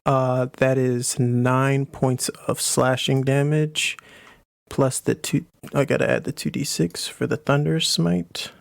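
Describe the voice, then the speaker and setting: A man's voice: medium pitch, flat delivery, slow pace, creaky, no room sound. A man playing a tabletop game, casually describing his character's actions in vivid detail. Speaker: player.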